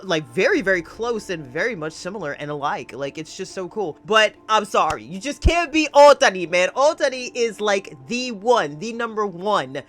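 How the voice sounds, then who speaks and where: Brief: emotional female reaction host, gushing and giggly, very lively pitch. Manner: gushing and giggly, laughs often. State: emotional, close to tears. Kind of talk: excited reaction commentary.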